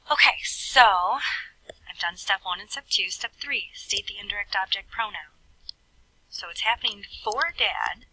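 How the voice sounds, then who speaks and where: A woman's voice: medium pitch, sharp tone, slightly rough, dry recording, far from the mic, low-quality recording. A woman Spanish teacher explaining grammar patiently, step by step, in a recorded lesson. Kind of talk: recorded classroom lesson with screen writing.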